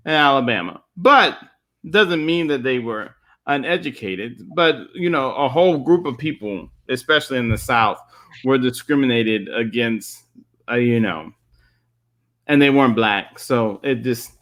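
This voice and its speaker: A man's voice: mid-range voice, animated, a little slow, a bit bright. A man in a casual church panel discussion, telling a story in a conversational way. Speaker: guest speaker.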